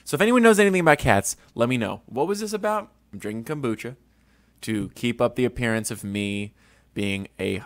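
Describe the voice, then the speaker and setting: Talking briskly and expressively in a mid-range voice with no echo, a young podcast host rambles casually from his home studio. His stories come packed with crude, self-deprecating humor.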